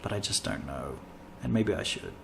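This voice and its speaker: A man's voice: lowish voice, expressive, normal speed, vocal fry, noisy background. A man hosting a casual comedy podcast, rambling and self-mocking as he tells a travel story. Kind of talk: casual chat.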